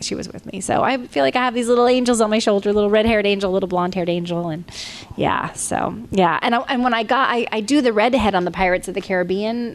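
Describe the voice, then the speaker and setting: A woman in her forties speaks at a convention panel, telling stories in an animated, conversational way. Her pitch sits in the middle of the female range. She jumps up higher when she acts out what other people said. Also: slight background noise. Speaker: voice actress, panel guest.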